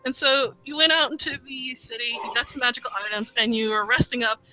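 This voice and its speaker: A man's voice: extremely high pitch, fast talker, sharp tone, faint music behind, low-quality recording. A young man running a tabletop game, recapping past sessions in a slangy, irreverent, swearing manner. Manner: slangy, irreverent, swears, jokey voices in passing. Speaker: game master.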